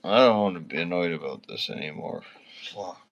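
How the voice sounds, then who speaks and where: A man's voice: sits low, lively intonation, brisk, highs cut off. A man streaming live, talking to his viewers, first mumbling and reluctant, then swearing and ranting at a viewer.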